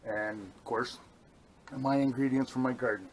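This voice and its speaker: Excited guy cooking burgers at camp, mid pitch, chatty and rambly, a bit of outdoor hiss. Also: normal speed, rough recording. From New York state. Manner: enthusiastic, rambling, talks while eating. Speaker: outdoor vlogger. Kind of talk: casual cooking review vlog. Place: outdoors at a campsite.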